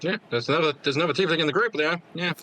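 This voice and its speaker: Bright-toned, stammering joking man. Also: on the high side, racing, slight background noise. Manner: stammering, jokey. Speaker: player. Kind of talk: casual tabletop game chat.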